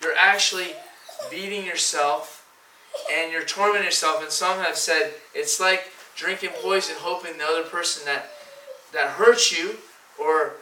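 A man's voice: on the high side, fairly even intonation, a little slow, pushed and bright, slight background noise. A man preaching a sermon, often stumbling and repeating words, reading scripture in old-style phrasing. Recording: echoey room from far off.

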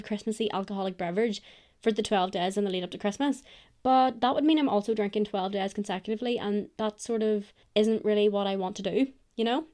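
Young woman, solo podcast host, mid-pitched, gossipy and self-deprecating, swears casually. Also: mellow. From Ireland. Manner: chatty, candid and self-mocking, with some swearing.

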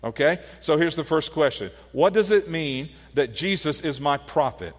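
A man's voice: a little high, lively intonation, moderate pace, few pauses, long reverb tail. A man preaching a sermon, teaching earnestly with rhetorical questions and frequent restarts. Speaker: pastor.

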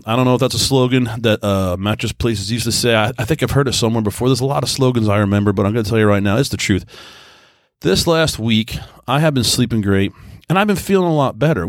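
A man hosting a podcast, telling a long casual story in a rambling, chatty way, full of restarts, easygoing and mellow. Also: medium pitch, dry recording, clean studio sound. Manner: easygoing, self-described mellow. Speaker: podcast host. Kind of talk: casual monologue.

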